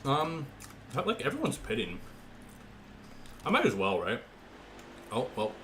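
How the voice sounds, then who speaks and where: Young guy streaming from his room, joking w chat, pitch all over the place, noisy background hum. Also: huge pitch swings, a bit bright. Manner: chatty, joking with chat, quick asides. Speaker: gaming streamer. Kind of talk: live stream chat and play-by-play. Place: home room. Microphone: desk mic with webcam.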